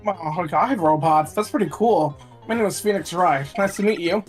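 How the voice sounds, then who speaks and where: A woman's voice: fairly low pitch, moderate pace, a little mellow, natural voice. A woman reading a wry male defense attorney in a dry, understated way, with faint game music behind.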